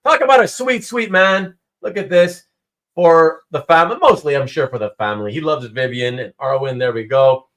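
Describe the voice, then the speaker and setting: A man's voice: a little high, moderate pace. A man hosting a casual live stream from home, chatting with viewers and telling a story that he acts out. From Canada. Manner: animated storytelling, acts out quotes. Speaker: host.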